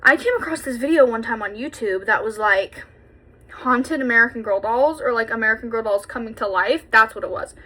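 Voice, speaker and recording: A young woman in her twenties telling a childhood story while doing her makeup, chatty and animated, swearing freely, filmed on a propped-up phone. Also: a little high, brisk. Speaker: beauty vlogger. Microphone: phone camera propped up.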